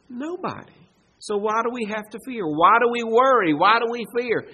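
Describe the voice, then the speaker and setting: A middle-aged man preaching a sermon as pastor, his voice high-pitched and bright. He is emphatic, repeating key phrases. He slows down to hammer home commands. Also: breathy edge.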